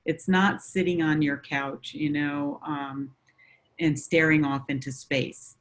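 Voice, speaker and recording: A woman counselor talking through coping ideas in a conversation. She explains in a measured way, with frequent fillers. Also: sits low, fairly even intonation. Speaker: mental health counselor.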